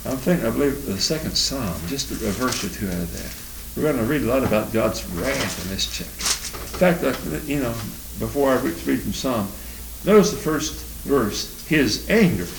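A man teaching the Bible verse by verse, reading scripture aloud with rising emphasis and then commenting in loose, halting asides. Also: mid-range voice. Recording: roomy, distant mic with faint noise.

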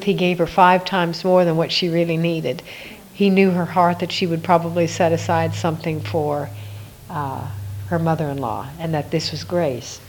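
A woman's voice: on the low side, rough recording. Musing woman teaching a Bible devotional. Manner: reflective, musing, with frequent soft laughs.

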